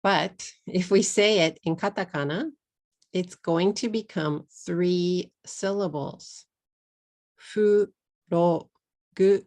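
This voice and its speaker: A middle-aged woman with a Texas accent teaches pronunciation at a very slow, deliberate pace. Her voice sits a little low, and she repeats each word carefully so learners can follow. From Texas, USA. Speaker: English teacher. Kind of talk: pronunciation lesson.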